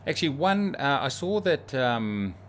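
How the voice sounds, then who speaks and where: A man's voice: mid-range voice, very animated, measured pace, slight background noise. A New Zealand man livestreaming a flight sim, chatting in a rambling, joking, self-mocking way. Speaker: streamer. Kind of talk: casual livestream chat while flying a sim.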